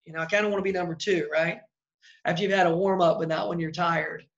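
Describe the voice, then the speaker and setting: Male real estate coach, blunt and chatty, gravelly voice, lo-fi sound. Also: fairly high pitch, fairly even intonation, fast, a bit bright. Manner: blunt, conversational, acts out example calls. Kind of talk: casual coaching talk.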